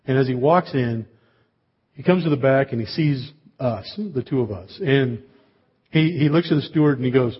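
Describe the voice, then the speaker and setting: A man preaches to his congregation in a relaxed, storytelling way, sprinkling in jokes and casual asides. His voice has a slightly husky edge at a middling pitch. The recording sounds dull and lo-fi. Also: moderate pace. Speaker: pastor. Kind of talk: sermon.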